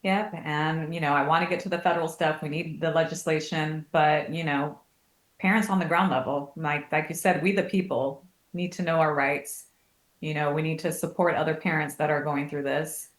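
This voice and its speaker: A woman appears as a guest family advocate on a casual podcast interview, animatedly telling stories and acting out the people she quotes. Her voice is low and her pace moderate, recorded in an echoey room.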